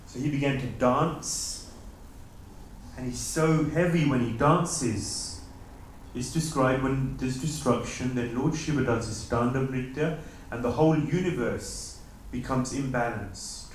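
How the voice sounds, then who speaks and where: Male temple lecturer, animated storyteller, recorded from afar in a very reverberant hall. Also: medium pitch, measured pace, a little hiss or hum. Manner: animated storyteller, acts out voices of characters. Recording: very echoey hall, mic at a distance.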